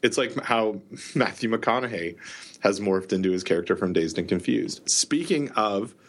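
A man's voice: on the low side, moderate pace. A middle-aged man co-hosting a podcast, telling rambling stories in casual chat and laughing often. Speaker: podcast co-host.

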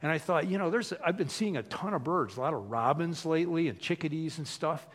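A man's voice: a little high, expressive, brisk. A man preaching in a casual, conversational way, acting out little quoted voices as he tells stories. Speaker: pastor. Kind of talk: casual sermon.

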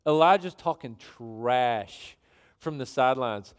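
A man preaching a sermon in an animated, joking way, reading scripture aloud between his asides. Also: fairly high pitch, moderate pace. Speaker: pastor.

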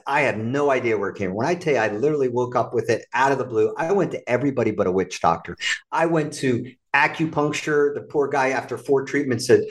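Man guest telling his story, animated and lively, does others' voices. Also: medium pitch, fast talker. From United States. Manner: animated, acts out quoted voices. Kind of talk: conversational storytelling.

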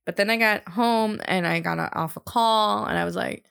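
A woman chatting casually over a video call from home, quick with jokey asides. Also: mid-range voice, creaky, a bit bright, smooth. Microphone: home mic on a video call.

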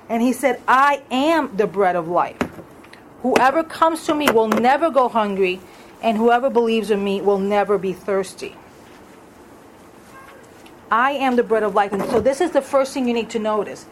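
A woman's voice: on the high side, normal speed, long pauses, background noise. A woman leading a Bible study in a conversational way, asking the group questions as she reads through verses. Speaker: Bible teacher.

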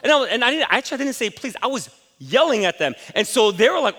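A man's voice: very high-pitched, fast talker, few pauses. A middle-aged man preaching a sermon, telling candid, self-deprecating stories about his own week. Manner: candid, self-deprecating storytelling, rising animated. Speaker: pastor. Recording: long hall reverb.

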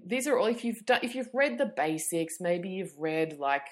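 A woman's voice: on the low side, expressive, normal speed. A woman hosting a podcast, talking in a chatty, rambling way, full of fillers and self-mockery. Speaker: podcast host and yoga teacher. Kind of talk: casual podcast chat.

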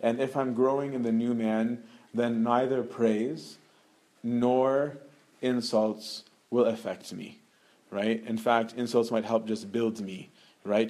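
A man's voice: medium pitch, mellow. A young adult man giving a casual talk as a religious teacher, often adding "right?" as he goes. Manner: conversational, keeps adding "right?".

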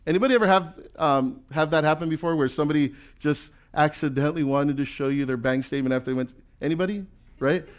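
A male pastor preaching a sermon in a conversational, animated way, acting out quoted voices and often repeating words as he builds a point. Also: on the high side, quick pace.

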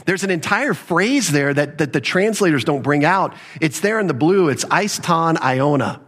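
A man's voice: a little high, fairly bright tone. A man preaching an emphatic expository sermon, retelling a conversation and explaining Greek words from the text. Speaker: pastor.

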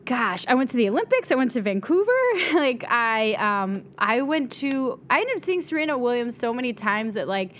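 A young woman from New York, chatting as a guest and spinning a lively story, her fairly high voice leaping up whenever she acts out what someone said. Filler words run all through her talk, and a faint hiss of noise sits under the recording. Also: moderate pace, few pauses. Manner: animated, acts out quotes with big pitch jumps, fillers like "like". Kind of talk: casual storytelling chat.

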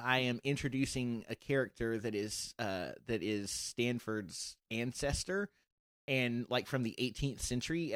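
A man's voice: mid-range voice, no echo, clean studio sound. Rambling man chatting about his writing. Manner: rambling, restarts often, animated when excited. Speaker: audio drama writer and creator. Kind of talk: casual podcast chat.

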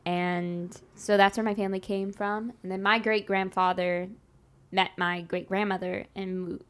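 A woman's voice: mid-range voice, level tone, moderate pace. Playful chatty woman podcaster. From Texas. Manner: playful, laughs often, chatty with many fillers. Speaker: podcast co-host. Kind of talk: casual chat.

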